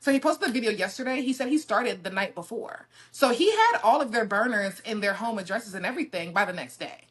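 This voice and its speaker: A woman in casual podcast chat, talking through her theories at length in an animated way. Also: medium pitch, brisk, hardly any pauses.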